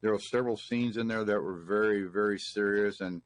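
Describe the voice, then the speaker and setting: A man's voice: lowish voice, steady tone, fairly quick. A middle-aged man from Texas, a guest telling rambling, folksy anecdotes about his film work with plenty of restarts. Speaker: guest, film weapons master. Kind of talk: storytelling interview.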